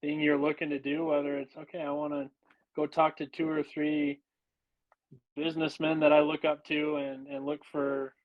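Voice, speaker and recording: A man hosting a podcast, speaking in an encouraging, halting way full of "you know"s. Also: on the high side, monotone. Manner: encouraging, halting, filler-heavy. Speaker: podcast host. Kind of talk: casual podcast chat. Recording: dull lo-fi recording.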